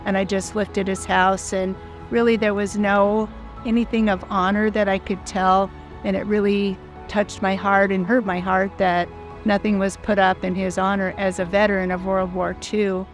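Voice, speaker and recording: An older woman in her sixties tells her story in an earnest, heartfelt, plain-spoken way. Her voice sits at a middle pitch and stays quite flat and level. Soft music plays faintly behind her. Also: moderate pace. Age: 60s. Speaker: foundation founder. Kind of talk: personal storytelling.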